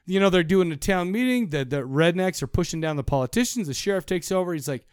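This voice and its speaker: Podcast co-host, male: fairly high smooth voice, casual and crude, laughs a lot. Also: expressive, fast talker, hardly any pauses, no echo, clean studio sound. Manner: rambling, profane, laughs a lot. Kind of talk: casual chat.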